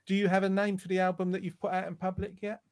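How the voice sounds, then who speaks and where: Man host, somewhat high voice, playful, reads viewer comments on a video call. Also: completely flat delivery, fast talker, darkish tone. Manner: teasing, jokey. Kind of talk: casual online show chat.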